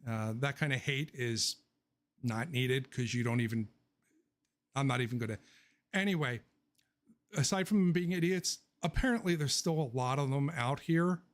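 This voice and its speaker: A man's voice: mid-range voice, normal speed, pauses often. A man hosting a casual livestream Q&A, rambling and joking, blunt with his opinions and laughing often. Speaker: livestream host answering viewer questions.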